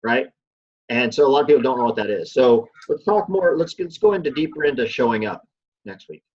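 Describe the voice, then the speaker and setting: A man with a husky, breathy voice steers a casual chat and cheers his co-host on. The recording is dull and lo-fi. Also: medium pitch, lively intonation, a little fast, a little mellow. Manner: encouraging, steers the talk.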